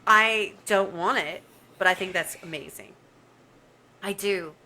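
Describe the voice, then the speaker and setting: A woman's voice: mid-range voice, measured pace, bright, forceful tone, slight background noise, low-quality recording. A woman co-hosting an unscripted podcast, outspoken and emphatic, laughing often. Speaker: podcast co-host. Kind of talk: casual podcast chat.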